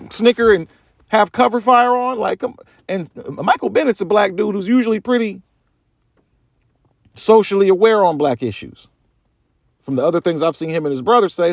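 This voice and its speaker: A man from the United States hosts his own commentary show, talking bluntly in loose slang. His voice sits slightly high and jumps around a lot in pitch. The sound is dry and close, with no room around it. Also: lively intonation, fairly quick, gravelly, dry recording. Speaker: show host. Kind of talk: opinion commentary monologue.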